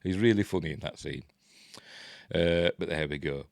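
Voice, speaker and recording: A Yorkshire man with a fairly low voice chats through the entertainment news in a loose, jokey way, breaking off into asides and chuckles. His voice sits close and dry on the mic, with no room sound around it. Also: moderate pace, creaky, no echo. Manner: chatty and jokey, laughs often, rambling asides. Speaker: host of a news commentary channel. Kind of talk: casual news commentary.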